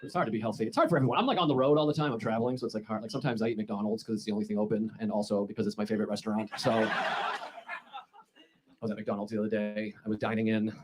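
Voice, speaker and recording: A man's voice: fairly low pitch, fairly even intonation, racing. A man from the United States doing a stand-up comedy set on stage with a handheld mic, telling exasperated, sarcastic stories. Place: comedy club stage before a laughing audience. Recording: live audience noise throughout.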